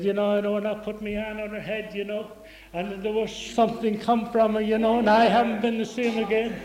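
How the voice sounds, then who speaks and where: A woman's voice: mid-range voice, dark tone, roomy sound, rough recording. An older woman giving a rambling, fervent religious testimony, repeating phrases and breaking into praise.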